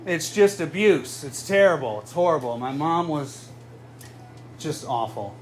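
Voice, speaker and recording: A man in his thirties from Southern California doing a stand-up comedy set with a deadpan, self-mocking delivery. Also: on the high side, measured pace. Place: live comedy venue with audience. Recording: noisy live room ambience. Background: audience laughter.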